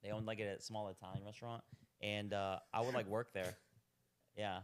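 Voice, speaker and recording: Young male guest, lowish smooth voice, rambling easygoing chat. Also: level tone, moderate pace. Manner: laid-back, rambling, lots of "like". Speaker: podcast guest, restaurant owner. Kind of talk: casual chat.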